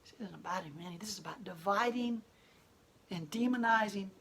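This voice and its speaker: A woman's voice: medium pitch, brisk, fairly bright tone. A woman who owns a gallery speaks bluntly and defiantly in an impassioned interview monologue. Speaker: gallery owner and protester.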